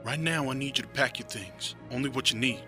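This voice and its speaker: A man's voice: medium pitch, brisk, bright, forceful tone, faint music behind. An actor playing a stern, protective sharecropper father named George in an audio drama.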